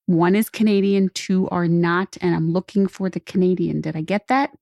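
Gravelly-voiced woman laughing through a quiz. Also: lowish voice, normal speed, a little mellow, no room sound, clean studio sound. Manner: laughing, good-humored guessing. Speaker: podcast co-host. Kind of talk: casual chat.

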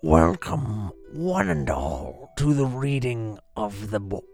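An old withered goblin speaks slowly in a dry, croaky, gravelly voice, as a woman narrator puts him on. His pitch dips and rises widely, and he stays composed and formal. Soft music plays underneath. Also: sing-song, exaggerated voice.

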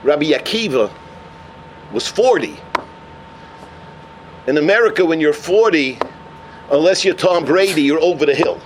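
A man teaching a Torah class as a lively storyteller who mixes in Yiddish and Hebrew terms. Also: a little high, moderate pace, long pauses, slight background noise.

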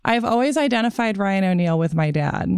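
Smooth-voiced chatty woman co-host. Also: medium pitch, lively intonation, brisk, darkish tone, dry recording, clean studio sound. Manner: chatty, digressive storytelling. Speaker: podcast co-host. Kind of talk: casual chat about movies.

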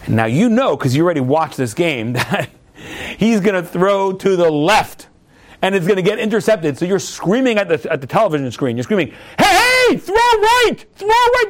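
A rabbi leads a class in a high, light voice. He talks in quick bursts, then slows down to act out little scenes, leaping up in pitch when he plays someone yelling. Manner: lively storyteller, acts out yelling at a TV. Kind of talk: animated classroom teaching.

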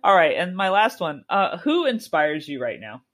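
A man's voice: on the high side, big pitch swings, normal speed, a bit bright. A man hosting a podcast who asks questions and gives short, encouraging replies. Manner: brief, encouraging responses. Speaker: podcast host. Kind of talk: casual interview questions.

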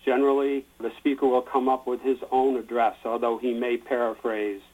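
A man explaining a tradition in a plain-spoken, relaxed way, with the odd filler. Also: medium pitch, moderate pace, phone-quality sound. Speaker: guest explaining a Burns supper. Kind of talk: explanatory chat.

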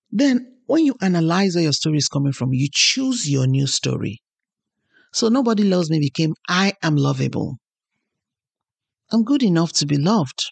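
A woman's voice: a bass voice, vocal fry, darkish tone, husky, no room sound. A woman hosting a podcast, giving an earnest motivational talk and telling personal stories. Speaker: podcast host.

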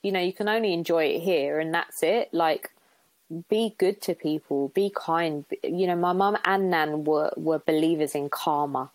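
A young woman appears as a podcast guest, speaking in a deep voice at a moderate pace. She talks openly and from the heart in a reflective conversation, full of fillers and restarts. The recording is rough, with no room sound.

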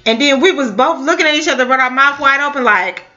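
A woman telling a personal story in a casual, halting way, with many fillers and restarts. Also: high voice, sharp tone. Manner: halting, full of fillers and restarts, laughs now and then. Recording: dull lo-fi audio.

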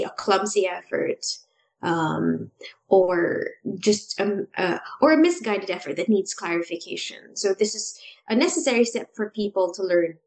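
A woman co-host speaking in a reflective, conversational way, weighing her words and often pausing on an "um." Her voice has a gravelly, creaky edge while her pitch sits in an ordinary middle range. The delivery is careful and considered. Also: poor audio. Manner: thoughtful, hesitant with frequent ums.

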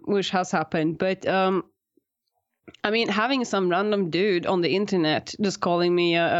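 A woman being interviewed about her work, talking casually with frequent laughs and restarts. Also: fairly low pitch. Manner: laughs often, many restarts and fillers. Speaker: guest, science communicator. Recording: slightly dull lo-fi audio.

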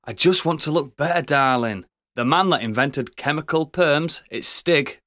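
A man's voice: fairly high pitch, moderate pace, a bit bright, no echo, studio quality. A man hosting a podcast, introducing his co-hosts with teasing jokes in casual banter. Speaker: podcast host.

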